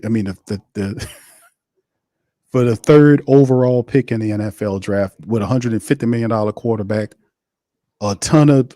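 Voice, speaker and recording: A male host delivers live sports commentary in a blunt, heated rant full of slang and cursing. His voice sits at an ordinary male pitch, recorded close and dry with no room sound. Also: dark tone, dry recording.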